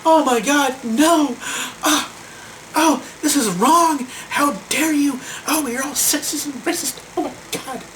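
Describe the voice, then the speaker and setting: A shrill, whiny scold who is easily offended, as a man puts her on. The voice climbs high and wails in overdone outrage, bright and thin. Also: measured pace, far from the mic, a little hiss or hum, rough recording. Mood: mock outrage. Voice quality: high, wailing mock outrage.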